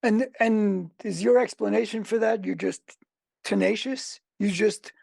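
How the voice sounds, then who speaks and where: A podcast host chimes in with short, encouraging remarks. The voice is heavily gravelly and full of fry. It is recorded close and dry, with no room sound. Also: mid-range voice, fairly even intonation, measured pace, darkish tone, no room sound. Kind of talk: interview conversation.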